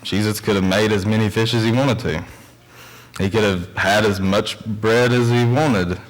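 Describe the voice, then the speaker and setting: A man's voice: lowish voice, fairly even intonation, moderate pace, low-quality recording. A young man preaching a sermon in a church, mixing scripture reading with earnest, conversational storytelling asides.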